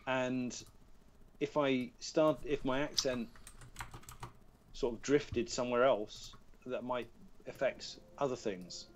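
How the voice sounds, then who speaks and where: British guy on a video call, chatty, mid pitch, narrates what he's clicking and laughs at himself. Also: fairly even intonation, slow, long pauses, slight background noise. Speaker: guest voice actor. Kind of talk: casual podcast chat over a video call. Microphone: tablet on a video call.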